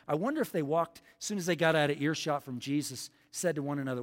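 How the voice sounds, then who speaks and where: A man's voice: fairly high pitch, fast talker, hardly any pauses. A man preaching a sermon as pastor, emphatic, repeating lines for the congregation to say back. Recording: long hall reverb.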